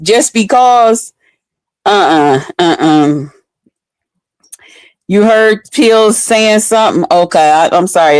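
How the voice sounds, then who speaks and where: A woman's voice: mid-range voice, no echo. A woman talking to her viewers in blunt, profane, unfiltered casual commentary. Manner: blunt, profane, chatty, addresses viewers directly. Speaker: online commentary host.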